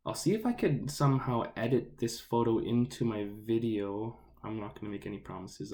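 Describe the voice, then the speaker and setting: A man teaching the sounds of an Indigenous language in a relaxed, informal lesson. He talks casually, jokes about himself and demonstrates each sound syllable by syllable. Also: on the low side, creaky.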